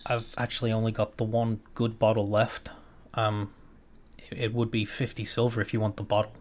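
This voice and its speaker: A man's voice: on the low side, monotone, normal speed, natural voice. A man voicing a wary, middle-aged male tavern barkeep who talks in a plain, hesitant way. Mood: matter-of-fact.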